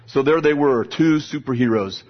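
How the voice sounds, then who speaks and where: Older male preacher, husky voice on a lo-fi recording, chatty sermon delivery with frequent repeats. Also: medium pitch, normal speed. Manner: conversational, repeats words while building a point. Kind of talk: sermon with storytelling. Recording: dull, lo-fi sound.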